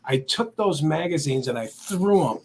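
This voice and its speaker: Husky-voiced man with an earnest story. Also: a little high, expressive, normal speed, a little mellow. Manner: earnest, emotional retelling with acted-out quotes. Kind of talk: personal testimony in a talk show.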